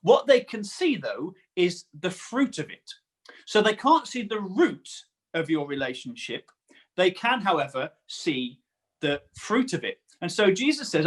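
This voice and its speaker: A man's voice: high-pitched, very animated, unhurried, husky. A man preaching a sermon in an earnest way, often repeating words for emphasis.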